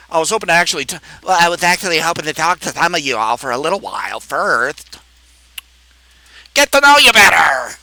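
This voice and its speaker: A man's voice: on the high side, very animated, fairly quick, gravelly, sharp tone, no echo. A man chatting on a live stream as a comic artist, rambling and joking in a made-up accent. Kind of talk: casual live-stream chat.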